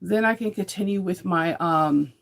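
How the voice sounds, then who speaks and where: A woman's voice: lowish voice, moderate pace, gravelly. A woman chatting casually in a morning sewing vlog, upbeat and rambling with fillers. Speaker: sewing vlogger.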